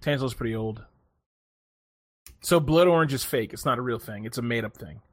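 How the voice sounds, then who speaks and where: A man hosting a casual podcast chat, telling stories in an animated way, swearing freely and laughing often. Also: medium pitch, a little fast. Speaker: podcast host.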